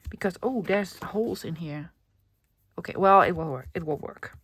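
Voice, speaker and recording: A Dutch woman with a Dutch accent, a native Dutch speaker chatting casually as she narrates her crafting, often dropping into a soft whisper. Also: fairly low pitch, normal speed, breathy edge, no echo. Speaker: crafting channel host.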